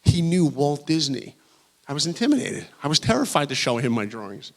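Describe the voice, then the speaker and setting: A man giving a motivational talk to high school students, telling his story with animation and acting out the dialogue. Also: sing-song, brisk. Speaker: guest speaker. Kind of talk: motivational speech. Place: large school hall.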